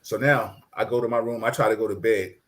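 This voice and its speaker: Fairly quick and on the low side, this middle-aged man's voice carries a casual childhood story. He's animated, laughs frequently, and performs the voices of the people he describes.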